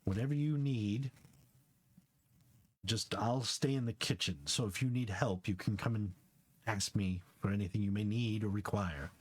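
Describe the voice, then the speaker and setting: A man voicing a nervous male servant who talks low and hushed while guiding guests through a house. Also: moderate pace, husky, no room sound.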